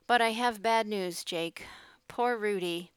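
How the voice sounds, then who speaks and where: A woman's voice: medium pitch, slow pace, smooth, no room sound, clean studio sound, natural voice. A woman reading the lines of a worried, grieving man trapped in a flooded boxcar, in an urgent manner.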